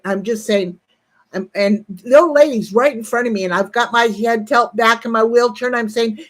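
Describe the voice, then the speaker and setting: A woman's voice: on the high side, moderate pace. A woman in her sixties on a casual livestream, telling a rambling, profane story and breaking off to greet viewers in the chat. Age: 60s.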